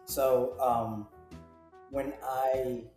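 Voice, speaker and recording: A man from Kenya hosting a podcast, speaking in a measured, thoughtful way, his voice slightly distant from the mic. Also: medium pitch, flat delivery, a little mellow, echoey room, soft background music. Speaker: podcast host. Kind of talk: slow reflective interview talk.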